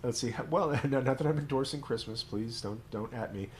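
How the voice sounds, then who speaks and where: A man's voice: medium pitch, fairly quick, slight background noise. A man, a rabbi hosting a game stream, who chats with playful, joking asides while he plays. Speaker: rabbi and host. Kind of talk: let's play commentary.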